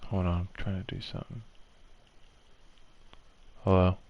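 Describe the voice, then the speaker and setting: A man's voice: sits low, completely flat delivery, measured pace, muffled recording. A man doing let's-play commentary on a visual novel, flustered and swearing, repeating hello as his home mic keeps cutting out. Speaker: gamer playing a visual novel.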